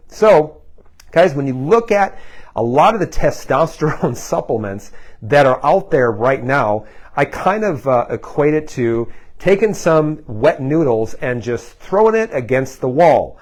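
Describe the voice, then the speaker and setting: A man's voice: on the high side, expressive, moderate pace. Man talking supplements to camera, casual. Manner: conversational, many fillers, addresses viewers as "guys". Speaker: health practitioner. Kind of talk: explainer video to camera.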